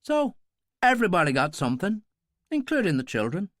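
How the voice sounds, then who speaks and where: A seasoned middle-aged pilot, as a male narrator plays him, cool and wry with a lively, rising and falling delivery. The sound is dry and close. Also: high voice, brisk, dry recording, voice pushed up, exaggerated voice.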